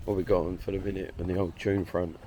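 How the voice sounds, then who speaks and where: A man's voice: deep voice, flat delivery, fast talker. A man from Essex with an Essex accent, chatting in a rambling, slangy way while walking outdoors by a harbour for his vlog. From Essex, England. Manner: rambling, slangy, full of "like" and swearing. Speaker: vlogger. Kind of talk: casual walk-and-talk vlog. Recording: loud wind noise on the mic.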